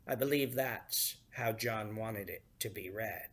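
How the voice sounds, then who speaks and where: A man pastor giving a sermon, unhurried and leaning hard on key words. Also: on the low side, a bit bright.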